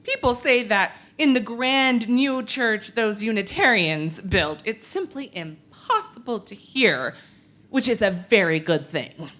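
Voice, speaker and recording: Sniffy, prim young gossip of old times, drawled slow with a swooping pitch, as a woman puts her on. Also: expressive, a bit bright. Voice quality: disapproving, sniffy.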